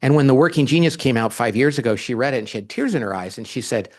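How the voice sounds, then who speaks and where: A man, a guest author in a conversational interview, talking in an animated way and acting out quoted dialogue as he tells stories. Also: medium pitch, quick pace.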